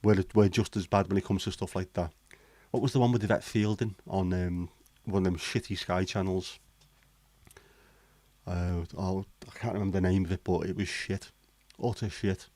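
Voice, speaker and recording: A man's voice: low-pitched, steady tone, moderate pace, darkish tone, no echo. A man chatting casually on a livestream, blunt, sweary and cynical. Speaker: livestream host. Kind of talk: casual chat.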